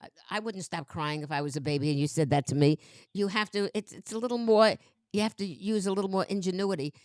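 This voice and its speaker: A woman's voice: fairly low pitch, fast talker, smooth, no room sound, clean studio sound. A woman in her nineties giving patient, motherly advice in a casual chat. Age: 90s. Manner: motherly, patient, gently instructive.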